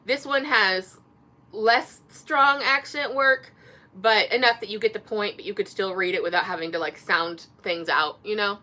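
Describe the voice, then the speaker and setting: A woman with an Indiana accent talks casually to her camera, wandering through her thoughts with frequent fillers and restarts. Her voice is bright and forward, sitting at an ordinary middle pitch for a woman. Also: normal speed. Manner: rambling, many fillers and restarts. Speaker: author and vlogger. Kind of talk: casual chat.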